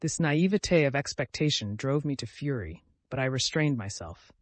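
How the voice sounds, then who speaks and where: Brief: male audiobook narrator, mid-pitched, even first-person reading, dry close recording. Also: normal speed, dry recording.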